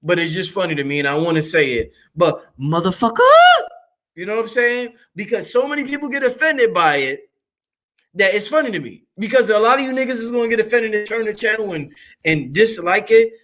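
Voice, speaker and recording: A man, hosting a show in a loud, excitable monologue that swings up and down and breaks into laughter. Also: a little fast. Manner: loud, excitable, swings high and low, laughs often, swears freely. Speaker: show host. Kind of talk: animated livestream monologue.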